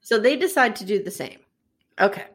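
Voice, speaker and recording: A woman's voice: medium pitch, animated, brisk, a bit bright, breathy edge. A woman co-hosting a podcast, chatting casually as she recaps episodes and acts out the characters' lines. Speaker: podcast co-host.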